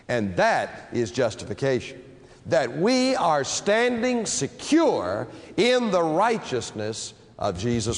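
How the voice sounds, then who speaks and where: A man preaching a sermon with dramatic delivery, stretching key phrases slowly for emphasis. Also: on the high side. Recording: long reverb of a large hall.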